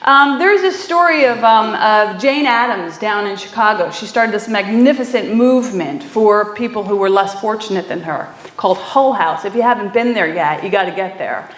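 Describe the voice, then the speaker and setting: A woman's voice: mid-range voice, animated, moderate pace, few pauses. A woman minister giving a conversational sermon, telling stories with frequent fillers and easy laughter. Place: small church hall. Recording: echoey room.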